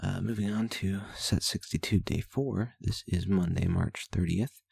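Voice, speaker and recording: A man's voice: low voice, fairly even intonation, a little slow, creaky, darkish tone, husky, no echo. A man hosting a vlog, candidly reading his daily journal aloud, rambling and self-deprecating with blunt swearing. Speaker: vlog host.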